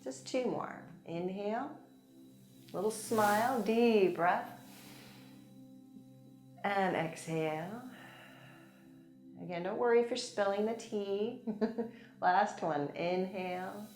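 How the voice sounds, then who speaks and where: A woman teaching a chair yoga class, gently guiding breaths and movements with encouragement and light laughs. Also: mid-range voice, a little slow. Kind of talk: guided yoga class instruction. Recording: echoey room with soft music. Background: soft background music.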